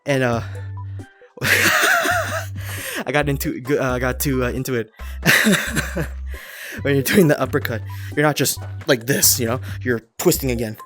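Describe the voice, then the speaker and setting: Guy talking thru a vr game tutorial, kinda out of breath, laughs a lot, middle pitch, faint music behind. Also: normal speed, fairly bright tone. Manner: chatty, laughs often, swears casually. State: a bit out of breath. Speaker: VR gameplay creator. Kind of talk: casual gameplay tutorial.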